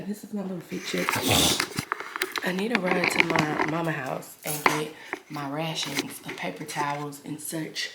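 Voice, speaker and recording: Low-voiced chatty woman vlogger. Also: fairly bright tone. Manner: chatty, emphatic, repeats her lines. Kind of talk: casual chatty vlog. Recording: echoey room with clear background noise.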